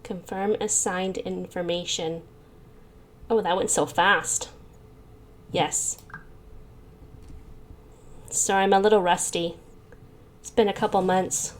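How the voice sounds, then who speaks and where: Slow-talking giggly woman gaming. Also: fairly low pitch, steady tone. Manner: giggly, self-mocking asides. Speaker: gaming channel host. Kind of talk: reading a visual novel aloud with commentary.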